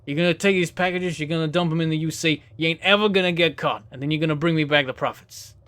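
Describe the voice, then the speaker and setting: A man voicing a blunt, menacing male gang recruiter with a put-on New Jersey accent and gruff, clipped threats. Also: a little high, fast talker, fairly bright tone, lightly acted.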